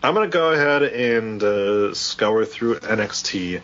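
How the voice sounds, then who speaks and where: A man with a low, husky voice hosts a casual podcast, his pitch swinging up and down as he talks. He laughs often and keeps things loose. The recording is dull and lo-fi. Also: animated, a little slow, fairly bright tone, a little hiss or hum. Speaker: podcast host. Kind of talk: casual chat. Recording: dull lo-fi audio.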